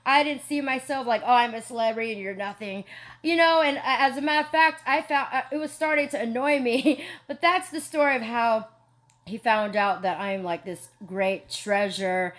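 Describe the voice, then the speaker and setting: A woman's voice: fairly high pitch, steady tone, moderate pace, fairly bright tone. A woman telling a rambling personal story on a livestream, with many giggles and "you know"s. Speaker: online preacher and streamer.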